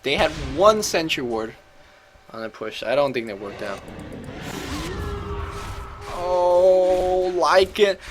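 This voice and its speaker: A man's voice: fairly high pitch, very animated, slow pace, pauses often, faint music behind. A man casually commentating and coaching over a video game match, chatty and thinking aloud, often correcting himself.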